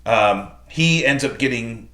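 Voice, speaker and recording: A man's voice: mid-range voice, takes it slowly. A man co-hosting a podcast, casually retelling scenes and quoting characters. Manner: quotes characters with animated asides like "right?". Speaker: podcast co-host. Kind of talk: casual recap chat. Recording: echoey room.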